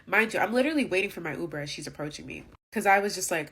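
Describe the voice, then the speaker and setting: A woman's voice: on the low side, expressive, racing, hardly any pauses, fairly bright tone, breathy edge. A young woman vlogger telling an indignant storytime rant, emphatic and full of fillers.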